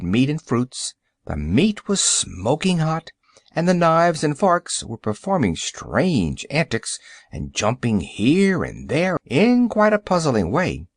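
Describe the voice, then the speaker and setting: A man narrating a children's audiobook with expressive storytelling. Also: medium pitch, no room sound, studio quality.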